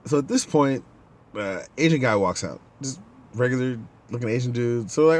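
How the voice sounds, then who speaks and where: Animated male podcaster telling stories. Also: mid-range voice, normal speed. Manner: animated, acts out the people in his stories. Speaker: podcast host. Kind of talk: casual storytelling monologue.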